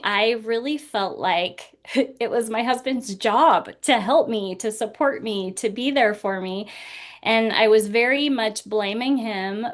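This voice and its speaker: A woman in her forties telling a personal story as a podcast guest, earnest and laughing now and then through hard memories. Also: a little high. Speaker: guest speaker.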